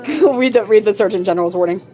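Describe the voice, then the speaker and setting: A woman's voice: mid-range voice, lively intonation, brisk, dark tone, soft background music, poor audio. A woman co-hosting a casual livestream from a shop late at night. She is sleepy and silly, laughing and reading chat messages aloud. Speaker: livestream co-host.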